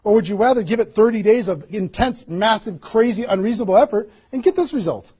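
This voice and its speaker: A man with a fairly high, slightly husky voice coaches his listeners through a motivational seminar talk. He is energetic and keeps firing rhetorical questions, like a trainer pushing people into action. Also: fast. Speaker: network marketing trainer.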